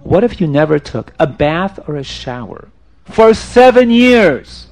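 A man telling a story aloud in an animated way, asking his listeners questions. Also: a little high, measured pace.

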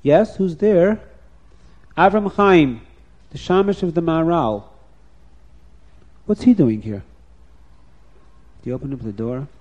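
A man telling a story to children in a lively, expressive way, dropping soft and rising loud. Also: a little high, slow pace, pauses often, highs cut off.

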